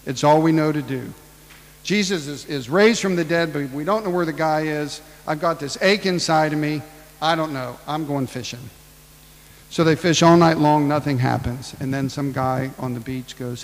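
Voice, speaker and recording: A man's voice: on the high side, normal speed, long reverb tail, low-quality recording. A man preaching a casual storytelling sermon, ad-libbing and acting out the people in the tale. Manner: casual, ad-libbing retelling with acted-out voices.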